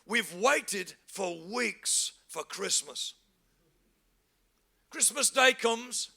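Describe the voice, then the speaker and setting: A middle-aged man, preaching a humorous sermon that acts out everyday scenes and bursts into shouts for emphasis. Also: extremely high pitch, expressive, takes it slowly, vocal fry. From England. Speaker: pastor.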